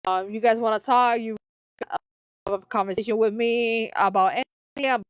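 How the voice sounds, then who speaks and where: A woman's voice: fairly high pitch, steady tone, moderate pace, smooth, no echo, poor audio. A woman hosting a live stream, reading online posts aloud and commenting on them between frequent fits of laughter. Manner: giggly, breaks into frequent laughter.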